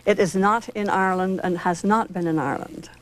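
A woman's voice: medium pitch, fairly quick. A woman on a debate panel, speaking firmly and assertively. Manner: firm, assertive. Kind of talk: heated televised debate.

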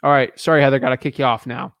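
A man's voice: mid-range voice, fast, creaky, no echo, dull audio. A man hosting a live stream as a real estate coach, chatting casually with lots of fillers and restarts. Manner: energetic, rambling, many fillers and restarts.

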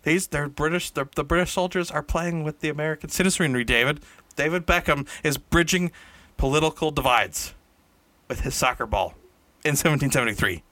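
Man, casual comic storyteller, rambling, self-correcting, bright voice, dry close sound. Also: fairly high pitch, fairly quick, no room sound. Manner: rambling, self-correcting, laughs at own jokes. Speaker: storyteller improvising a tale. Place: indoor room shared with a co-host.

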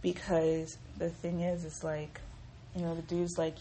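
A young woman hosting a casual solo podcast, telling stories in a profane, animated way and acting out what people said. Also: fairly low pitch, moderate pace, slight background noise. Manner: profane, animated storytelling with quoted voices. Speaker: podcast host.

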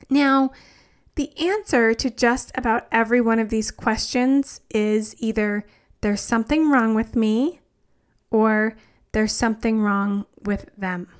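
A woman's voice: on the high side, fairly even intonation, takes it slowly, clear, resonant tone. Chatty upbeat woman podcast host. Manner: chatty and enthusiastic, frequent "like" fillers. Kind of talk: solo podcast talk.

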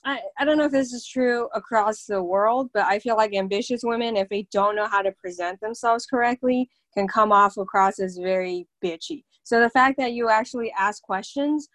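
A woman's voice: fairly high pitch, moderate pace, few pauses, fairly bright tone, dry recording. A woman hosting an interview podcast, gushing and enthusiastic, swearing casually as she chats. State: out of breath. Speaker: podcast host.

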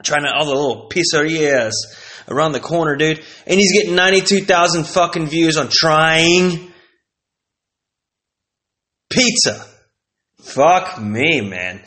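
A man's voice: a little high, a little slow, pauses often, pushed and bright. A man delivering a profane, rambling vlog rant with exasperated disbelief. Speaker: vlogger. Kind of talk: casual ranting monologue.

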